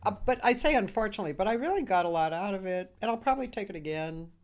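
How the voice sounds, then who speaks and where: A woman's voice: mid-range voice, animated, rapid-fire. A woman hosting a casual interview show, talking about herself in a rambling, chatty way with frequent laughter. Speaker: host. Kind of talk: casual chat.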